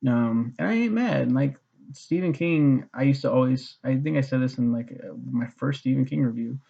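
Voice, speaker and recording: A man with a gravelly, husky voice rambles through a casual book review, full of fillers and swearing. His tone is dark and mellow. The sound is dull and lo-fi. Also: mid-range voice, normal speed. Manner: swears a lot, many fillers, mocks posh voices.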